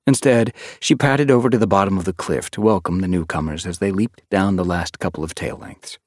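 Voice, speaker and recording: A man narrating a fantasy audiobook, expressive and reading from a script. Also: low-pitched, fairly quick, no echo, clean studio sound. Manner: expressive, shifting voices for characters.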